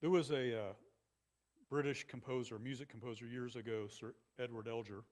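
A male pastor giving a sermon in a conversational, animated style with many asides to the congregation. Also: mid-range voice, moderate pace.

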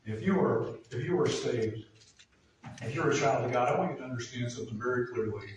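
Recorded from a distance in a big room full of reverb, a male pastor of middling pitch gives an earnest sermon, speaking a little fast and building to emphatic peaks. Faint ambience and slight background noise sit behind him.

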